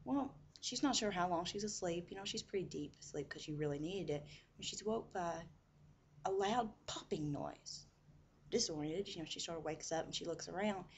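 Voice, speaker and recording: A woman with a fairly low voice tells a story in a casual, chatty way. She drops in "you know" asides as she goes. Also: normal speed, slight background noise.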